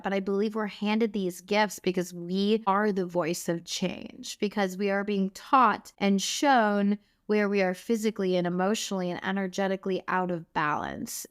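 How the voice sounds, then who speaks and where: A woman's voice: mid-range voice, smooth. A woman guest telling her personal story in an earnest, passionate way, her voice lifting with emotion. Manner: earnest and passionate, voice rising with feeling. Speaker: guest, wellness clinic founder.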